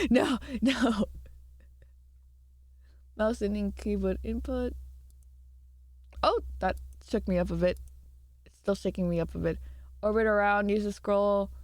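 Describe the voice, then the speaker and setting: A woman's voice: a little high, dry recording, studio quality. A tired woman streamer chatting casually and rambling, laughing as she answers her chat. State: tired from little sleep. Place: home room.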